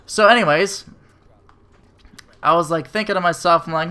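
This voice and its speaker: A man's voice: on the high side, normal speed, pauses often, pushed and bright, clear, resonant tone. A man telling a profane, sarcastic rant about bad service in a casual way. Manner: profane, sarcastic, filler-heavy. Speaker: restaurant server telling a story.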